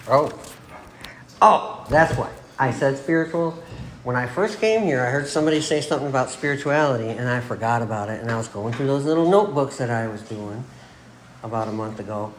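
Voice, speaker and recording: A middle-aged man from Michigan shares his recovery story at an AA meeting. His talk is loose and casual, and he laughs at himself as he goes. His pitch sits in the middle range, with a faint background noise in the recording. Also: brisk. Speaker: AA meeting speaker. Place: meeting room.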